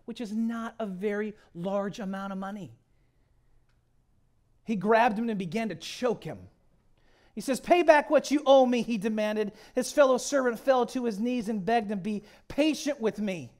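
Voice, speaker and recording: A middle-aged man preaching a sermon. He tells the story dramatically, swinging from loud to hushed. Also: high-pitched. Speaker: guest pastor.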